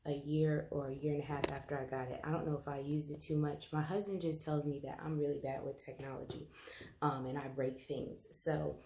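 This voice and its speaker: A woman's voice: sits low, little pitch movement, fairly quick, reverberant, noisy background. A woman giving a casual home demonstration as a health educator, chatty and apologetic, with many ums and restarts. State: out of breath.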